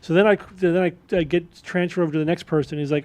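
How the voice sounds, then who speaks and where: Animated man explaining a scam. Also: on the high side, fast talker. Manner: animated explainer who acts out quoted voices. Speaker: podcast co-host. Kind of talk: casual chat.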